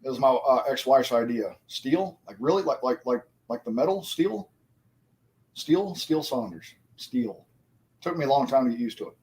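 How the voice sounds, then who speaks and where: Speaking a little fast in a medium-pitched, slightly mellow voice, this man in his forties rambles through a casual livestream chat. He talks straight to his viewers and swears nonstop.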